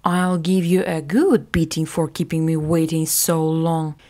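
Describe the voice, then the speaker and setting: A woman doing a cruel, gruff father. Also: deep voice, fairly even intonation, unhurried, dark tone. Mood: menacing.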